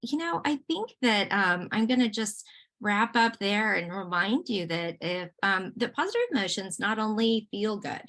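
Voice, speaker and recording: A woman's voice: mid-range voice, lively intonation, moderate pace, fairly bright tone. A woman giving an online talk and answering questions over a video call, encouraging, with frequent fillers and restarts. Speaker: lecturer on positive emotions. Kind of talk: online presentation and Q&A.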